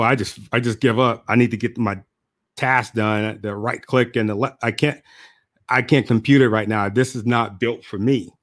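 A man talking casually to camera as a motivational speaker and host. He is relaxed, repeats phrases for emphasis and laughs at himself. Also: medium pitch, no room sound, studio quality. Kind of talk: casual reflective monologue to camera.

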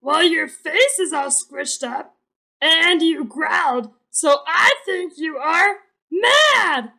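Woman doing a croaky, eager frog puppet. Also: very high-pitched, lively intonation, takes it slowly, bright, forceful tone, pitched above the performer's own voice, full character voice. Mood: eager, friendly. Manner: eager, chatty, asks kids for help. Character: friendly, curious frog puppet who croaks. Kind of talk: children's puppet show.

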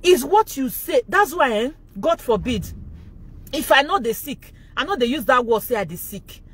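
A woman with a Nigerian accent hosting a gossip commentary vlog. She mocks loudly and keeps breaking into laughter. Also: high-pitched, animated, normal speed, slightly rough. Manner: mocking, laughs loudly and often. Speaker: vlogger and show host.

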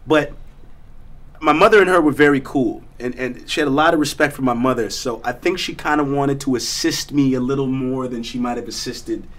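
A man's voice: medium pitch, fairly quick, fairly bright tone. A man from South Africa, a guest actor telling stories in a casual studio chat, laid-back and slangy with many fillers and restarts.

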